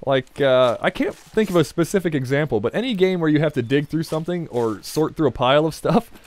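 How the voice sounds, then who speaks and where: A man's voice: fairly high pitch, expressive, fairly quick, no room sound. A man giving joking, rambling commentary as he plays a video game. He talks back to the game, chuckles often, and wanders off on side remarks. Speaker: let's play gamer. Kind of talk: gameplay commentary.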